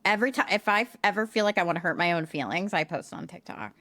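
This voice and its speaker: A woman co-hosting a podcast who talks in a flat, self-described monotone with a casual, blunt manner and some mild swearing. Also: fairly low pitch, fast talker, no room sound, studio quality. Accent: accent others comment on, likened to a nasal New York voice. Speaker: podcast co-host, social media marketer. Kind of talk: casual chat.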